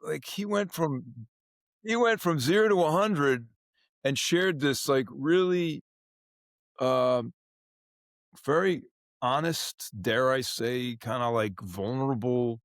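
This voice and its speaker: An enthusiastic man hosting a casual podcast interview, with a mid-range pitch. He talks with energy and often repeats words as he goes. The sound is dry and close-miked. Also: slow, pauses often, no room sound. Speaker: podcast host.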